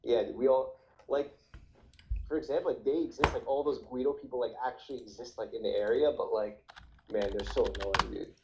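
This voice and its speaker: A man's voice: medium pitch, steady tone, brisk, noisy background. A young man from New Jersey chatting casually about trading, laid-back and swearing, leaning on "dude" as he tells stories with energy. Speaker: trader. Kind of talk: casual chat.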